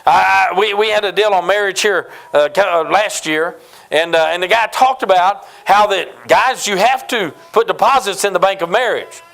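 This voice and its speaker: High-voiced folksy pastor from New Mexico. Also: male voice, moderate pace, vocal fry, fairly bright tone. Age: 50s. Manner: folksy, humorous storytelling. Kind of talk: sermon.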